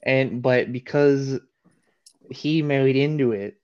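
A man's voice: mid-range voice, takes it slowly, a little mellow, dull audio. A man co-hosting a podcast, chatting in a laid-back, easygoing way with lots of laughing banter. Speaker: podcast co-host. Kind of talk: casual podcast chat.

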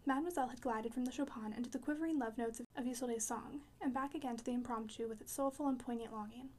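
A woman narrating a classic novel with brisk, expressive storytelling. Her voice sits high and she moves through the text quickly. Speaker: audiobook narrator. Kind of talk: reading a novel aloud.

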